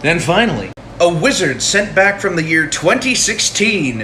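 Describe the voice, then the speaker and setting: A man's voice: high-pitched, very animated, normal speed, pushed and bright, slight background noise. A man reading out a comic list of character ideas, chuckling between them in a playful delivery. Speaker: comedy skit creator.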